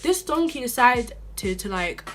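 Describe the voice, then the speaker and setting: A woman's voice: a little high, lively intonation, normal speed, fairly bright tone. A young woman telling a storytime vlog in a chatty, indignant way, full of filler words. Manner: indignant, rising to outbursts. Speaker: vlogger.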